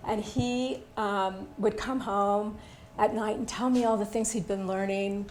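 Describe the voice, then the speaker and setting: A woman's voice: medium pitch, fairly even intonation, unhurried, a little mellow, a little hiss or hum. Candid older woman teaching a workshop. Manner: candid, personal storytelling with fillers. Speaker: workshop instructor. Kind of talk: casual workshop talk.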